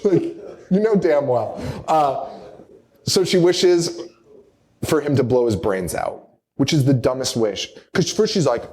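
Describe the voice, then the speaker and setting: A man's voice: mid-range voice, animated, unhurried, darkish tone. A man co-hosting a live horror movie podcast, recapping a film in a wry, rambling way and laughing through his jokes. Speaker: podcast co-host. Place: live show venue.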